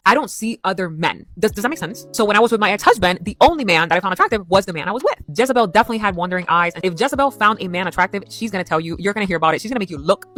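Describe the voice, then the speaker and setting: A young woman narrating a storytime vlog at a breakneck pace, with a bright, forceful tone and emphatic, chatty delivery. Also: fairly low pitch.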